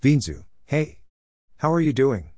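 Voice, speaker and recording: A man's voice: fairly low pitch, lively intonation, fairly quick, a little mellow, no echo, clean studio sound. A man voicing a chatty young woman lawyer. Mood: excited. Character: friendly young woman lawyer, a former classmate.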